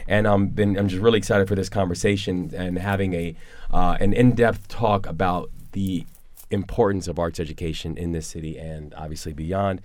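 A man's voice: low-pitched, steady tone, normal speed, a little mellow, dry recording. A man hosting a talk show, introducing guests with enthusiastic, upbeat energy. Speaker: radio show host.

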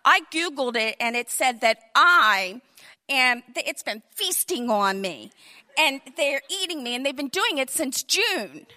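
A woman in her fifties telling a comic personal story with animated, vivid asides. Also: high-pitched, unhurried.

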